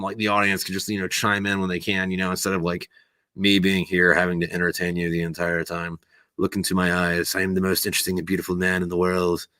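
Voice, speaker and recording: A man hosts a livestream on his own, rambling loosely and swearing almost every other word, sometimes working himself up into a loud rant. His voice has a bright, sharp edge, and the sound is dry and close with no room behind it. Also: on the low side, no echo. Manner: rambling, heavily profane, swears constantly; gets loud and ranting when worked up. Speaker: podcast host. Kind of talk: casual livestream chat.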